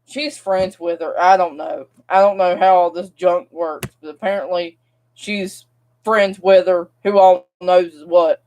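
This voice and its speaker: A woman's voice: on the low side, steady tone, a little slow, a little mellow. A young woman, vlogging and venting in a rambling, frustrated way straight to her viewers. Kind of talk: casual vlog rant.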